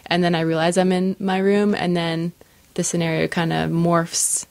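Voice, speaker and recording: A young adult woman co-hosting a podcast, telling a story in casual chat, animated and laughing often. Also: on the low side, normal speed, vocal fry, dry recording. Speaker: podcast co-host.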